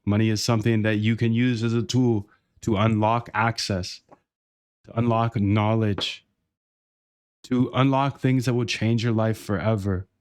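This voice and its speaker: A man hosting a trading live stream, delivering a hyped, pushy sales pitch and calling the listener dude and bro. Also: steady tone, measured pace, a little mellow, dry recording, studio quality. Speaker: trading channel host.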